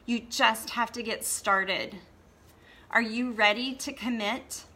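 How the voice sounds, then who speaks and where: A woman's voice: a little high, steady tone, takes it slowly, sharp tone. A woman hosting a blogging course gives an earnest motivational talk to the camera and often adds "okay?" for emphasis. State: tearful, emotional.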